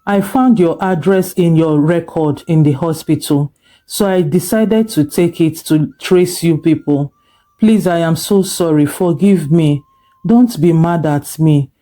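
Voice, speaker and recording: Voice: medium pitch, unhurried, mellow, close to an everyday voice. A storyteller voicing a remorseful mother who pleads for forgiveness. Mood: pleading.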